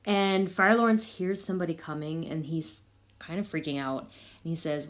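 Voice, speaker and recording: Lady walking through a story in plain chatty words, lowish voice. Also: steady tone, normal speed. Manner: chatty, paraphrases the lines in everyday words. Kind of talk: casual retelling of a play.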